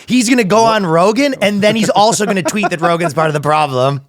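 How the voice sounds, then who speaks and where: A man co-hosts a comedy podcast, riffing casually, laughing often and jumping into quick impressions. His voice sits a little high for a man, and the recording is close and dry. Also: no echo. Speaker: podcast co-host.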